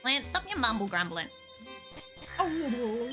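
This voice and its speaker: Excitable young woman streaming, lively voice. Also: medium pitch, normal speed, music in the background. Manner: excitable, chatty, swears freely, talks to chat and her game. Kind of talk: casual live-stream chat while gaming.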